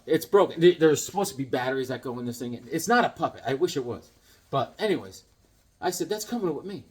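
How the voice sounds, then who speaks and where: A man hosting a casual unboxing vlog, talking in an excitable, goofy, joking way. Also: a little high, brisk. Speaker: comics vlogger unboxing a package.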